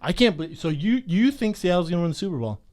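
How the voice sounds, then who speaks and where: A man's voice: high voice, sing-song, fast talker, a little mellow. A man co-hosting a podcast, joking and insisting in casual banter, often repeating himself. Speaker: podcast co-host.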